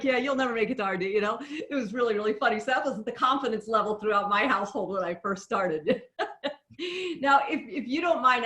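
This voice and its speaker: A woman's voice: a little high, a bit bright, echoey room. A woman interviewer in a conversational interview, a chatty, candid storyteller.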